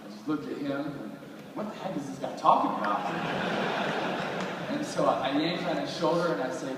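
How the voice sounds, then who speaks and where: A man in his twenties from Florida, telling lively stories to a live audience and acting out the quotes. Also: mid-range voice, brisk. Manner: animated storyteller acting out quotes. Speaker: guest speaker. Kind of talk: storytelling talk to a live audience. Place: large hall with audience. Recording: roomy hall recording from far off, noisy.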